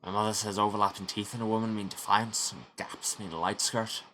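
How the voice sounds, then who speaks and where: Guy doing a rueful scottish doc, accent keeps slipping irish, lowish bright voice. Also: level tone, fairly quick, slight background noise. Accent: put-on Scottish drifting toward Irish. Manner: dry, rueful storytelling. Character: young Scottish male doctor, wry and gloomy.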